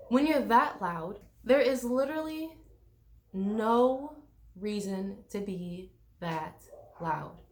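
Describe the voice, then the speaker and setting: Young woman from the US, travel vlogger, casual rant, blunt, swears a lot, fairly high voice. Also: expressive, slow pace, pauses often. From United States. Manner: blunt and exasperated, swears freely, mocks others with put-on voices. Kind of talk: casual ranting vlog.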